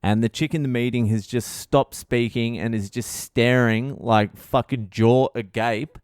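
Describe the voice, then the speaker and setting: A male comedian rambles through a self-mocking story on his podcast, swearing constantly. His voice is smooth and clear at an everyday pitch. The recording is dry, with no room sound. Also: steady tone, measured pace, a little mellow, no echo. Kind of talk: comic storytelling monologue.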